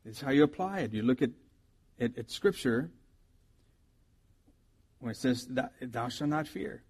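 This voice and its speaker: A middle-aged man, a pastor, preaching a sermon with animated storytelling, his loudness swinging from soft asides to loud bursts. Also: mid-range voice, measured pace, slightly rough.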